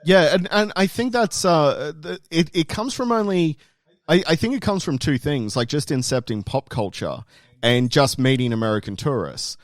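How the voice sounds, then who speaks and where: A man's voice: on the high side, animated, moderate pace, no room sound. An Australian man co-hosting a podcast, telling stories in a rambling way with many restarts. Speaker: podcast co-host, guest. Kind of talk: casual chat.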